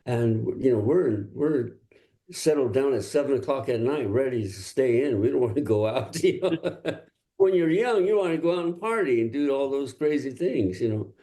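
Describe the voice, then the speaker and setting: An older male singer-songwriter from Los Angeles, telling stories in a relaxed interview and laughing often. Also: mid-range voice, normal speed. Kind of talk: casual interview talk.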